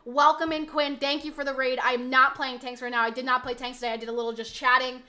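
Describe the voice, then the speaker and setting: A woman live streamer chatting casually, exasperated and rambling, often bursting into loud yelling. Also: high voice, level tone, fast.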